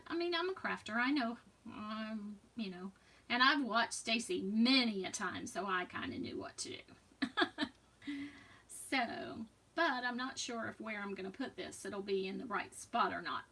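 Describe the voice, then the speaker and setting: Unhurried woman crafter, chatty with soft asides; distant mic. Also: medium pitch. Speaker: crafting demo host. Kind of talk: live crafting demonstration.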